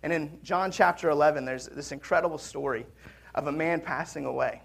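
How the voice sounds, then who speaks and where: A man preaching a sermon in a conversational way, swinging between loud emphasis and quiet, hushed drops. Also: a little high, fairly quick, creaky. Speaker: pastor.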